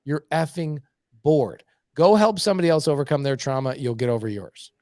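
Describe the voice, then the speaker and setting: A middle-aged man telling blunt, animated stories as a podcast guest. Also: on the high side, a little fast, no echo, clean studio sound. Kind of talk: casual podcast conversation.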